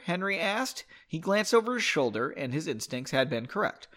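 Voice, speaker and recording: A man's voice: on the high side, big pitch swings, moderate pace, hardly any pauses, fairly bright tone. A man reading his own book aloud, with casual joking asides while sipping a drink.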